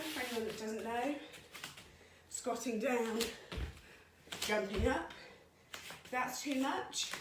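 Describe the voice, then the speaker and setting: A woman's voice: mid-range voice, echoey room, noisy background. A woman leading a home workout as a fitness instructor, counting reps aloud and getting out of breath as she exercises along. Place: home room.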